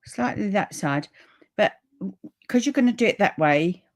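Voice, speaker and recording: A woman's voice: medium pitch, animated, unhurried. A woman hosting a live papercraft demonstration at home, chatting and rambling in friendly asides as she reads out viewer comments. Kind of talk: live crafting stream, reading viewer comments. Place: room upstairs at home.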